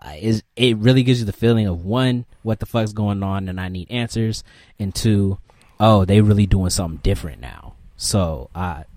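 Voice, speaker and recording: A young man co-hosting a podcast in casual chat, relaxed and profane as he recounts reactions. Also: lowish voice, normal speed, no echo, clean studio sound. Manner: relaxed, profane, laid-back storytelling. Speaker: podcast co-host.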